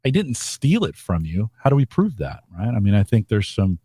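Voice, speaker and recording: A man co-hosting a podcast, talking in a thoughtful, measured way with frequent fillers. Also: fairly low pitch, big pitch swings, warm tone, breathy edge, no echo, clean studio sound. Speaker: podcast co-host. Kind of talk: casual podcast chat.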